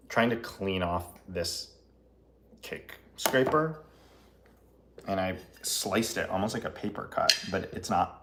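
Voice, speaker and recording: A man's voice: lowish voice, background noise. Chatty, laughing man on a kitchen live stream. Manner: chatty, laughs often, jokey. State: laughing through a cut finger. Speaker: baker hosting a live stream. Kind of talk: casual live-stream chat. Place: home kitchen.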